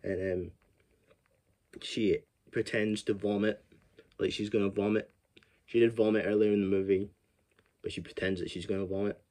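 A man with a fairly low voice talks through a horror film's plot in a loose, rambling way. He swears freely and breaks into laughter as he goes. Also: level tone, normal speed, long pauses, mellow. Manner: rambling, profane, laughs often. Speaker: film reviewer. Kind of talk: casual movie recap.

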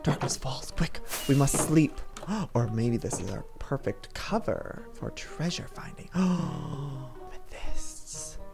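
A man's voice: mid-range voice, lively intonation, slow, gravelly, over music. A man hosting a playful let's-play video, talking theatrically with frequent gasps and sneaky stage whispers. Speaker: gaming video host.

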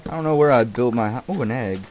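A young man giving casual, distracted commentary while he plays a game. He swears often and keeps yelling at the animals and characters on screen. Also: medium pitch, fast, faint music behind. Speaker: gameplay commentator.

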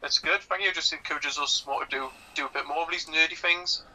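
A man's voice: a little high, steady tone, pushed and bright. A man co-hosting a podcast commentary, talking in a chatty, hedging way over a phone connection. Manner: chatty, hedging, quick asides. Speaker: podcast co-host. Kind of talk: casual film commentary chat. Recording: tinny phone line.

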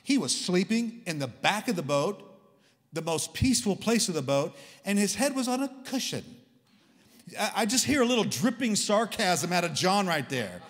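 A man delivers a sermon in a high, lively voice that swoops all over his range. He talks to the congregation like friends, joking and throwing in sarcastic asides. A long reverb from the big church hall trails behind every line. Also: moderate pace. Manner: animated, conversational and humorous, with sarcastic asides. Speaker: guest preacher.

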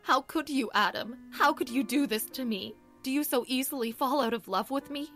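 A hurt young wife fires accusing questions in a loud, raised voice, played by a woman narrator. She sounds close to sobbing and keeps pushing hard. It is an audiobook character voice. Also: sits high, moderate pace, faint music behind, pitched above the performer's own voice.

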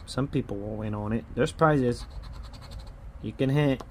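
Scratching tickets for his lottery scratch-off channel's casual vlog, a frustrated man grumbles and keeps tacking on "man." His medium-pitched voice is darkish and measured, with slight background noise.

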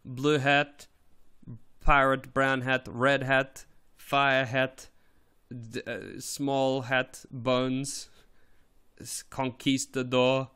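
Speaking very slowly and clearly in a resonant tone, a man streams a game live and chats casually and playfully with his audience. He curses from time to time, and his voice swoops up in pitch when he's excited.

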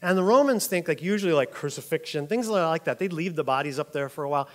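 A man's voice: a little high, expressive, fast talker. Chatty man preaching in a reverberant hall. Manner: chatty, laughs often, says "like" and "right?" a lot. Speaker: pastor. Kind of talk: casual conversational sermon.

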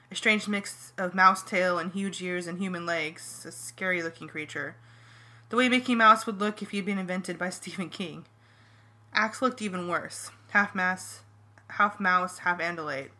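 Woman reading a fan audiobook, bright voice, lively and jokey. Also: mid-range voice. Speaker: audiobook reader. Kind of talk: first-person fan audiobook narration.

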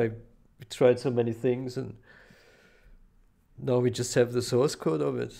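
A man with a gravelly, creaky voice at an ordinary middle pitch, talking casually and haltingly. He stumbles over his words and repeats phrases again and again, like someone overwhelmed with joy. It sounds like a quick, unscripted vlog recording. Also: a little mellow. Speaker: game modding developer.

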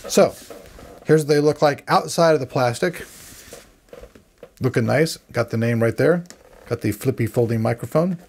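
A man's voice: medium pitch, normal speed, long pauses, darkish tone, a little hiss or hum. A man giving casual, rambling commentary as he unboxes and reviews a gaming headset, joking at his own expense. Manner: chatty, rambling, self-deprecating. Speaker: tech reviewer.

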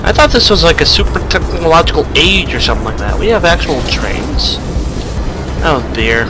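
A man hosting a let's play, commentating the game in an excitable, joking way and yelping at it. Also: fairly high pitch, moderate pace, music in the background, poor audio. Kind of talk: gameplay commentary.

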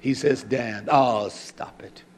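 A man preaching a fiery sermon, fervent and emphatic, drawing out words and breaking into shouts. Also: medium pitch, slow.

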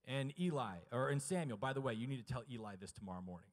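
A man delivering a chapel sermon, shifting from hushed, low passages to loud, high, emphatic preaching and calling on the audience to answer. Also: very animated, fast talker, hardly any pauses, big-room sound. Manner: asks the audience questions and urges them to answer. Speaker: chapel speaker. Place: college chapel.

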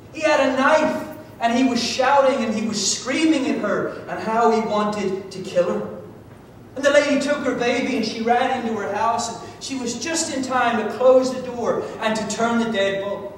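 A man from Georgia preaching a sermon, telling a story with drama, swinging from loud to hushed. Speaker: pastor. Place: church sanctuary. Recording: echoey church hall from far off, faint rumble.

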